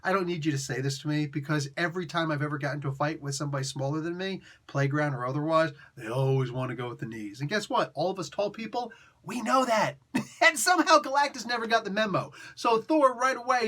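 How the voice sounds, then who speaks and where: A man's voice: on the high side, expressive, quick pace, bright, forceful tone. A man giving a casual comic book review, retelling the story in slang and laughing often.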